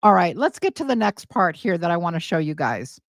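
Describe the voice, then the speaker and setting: A woman's voice: lowish voice, sing-song, fairly quick, dry recording. A woman hosting a casual commentary video, emphatic and incredulous, hammering points home by repeating words. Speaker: commentary host.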